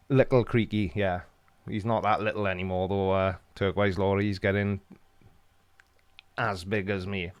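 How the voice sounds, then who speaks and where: A man's voice: sits low, fairly even intonation, unhurried, pauses often. A Welsh man hosting a live stream, reading out chat comments with dry, teasing humor. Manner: jokey, dry teasing banter.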